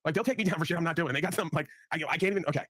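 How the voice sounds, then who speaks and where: Laughing rapid-fire crude streamer man. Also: fairly high pitch, a bit bright, no room sound. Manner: crude, laughing, mimics people. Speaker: livestream host. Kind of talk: casual chat.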